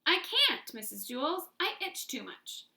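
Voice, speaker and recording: A woman's voice: high-pitched, sing-song, unhurried, creaky, bright, forceful tone, reverberant, pitched above the performer's own voice, full character voice. A woman voicing a whiny schoolgirl who complains she itches all over. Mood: whining. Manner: whining.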